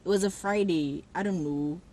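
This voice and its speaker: A young woman telling a personal story to camera in a casual, animated way, acting out what people said. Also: lowish voice, normal speed, slight background noise, rough recording. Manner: animated, acts out quotes with sudden loud jumps. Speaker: vlogger.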